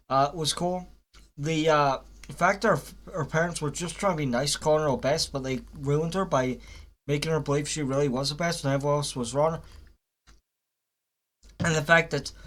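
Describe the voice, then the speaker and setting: A man's voice: a little high, fairly bright tone. Rambling young man reviewing cartoons. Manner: rambling, halting, lots of fillers and restarts, blunt swearing. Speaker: vlogger reviewing a cartoon series. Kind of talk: casual spoken review.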